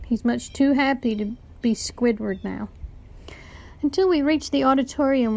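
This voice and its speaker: A woman teacher reading a children's novel aloud to a class, with lively storytelling narration. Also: on the high side, gravelly.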